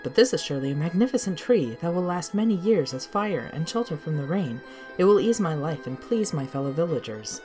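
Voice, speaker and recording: Stubborn village man, low and dismissive; woman narrator voices him. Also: lively intonation, fairly quick, warm tone, soft background music. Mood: eager.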